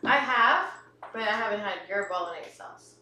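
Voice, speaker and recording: Bright-voiced playful female guest. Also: mid-range voice, lively intonation. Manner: playful, quick comebacks. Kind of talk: casual cooking show banter. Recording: roomy, from a distance, faint background hiss.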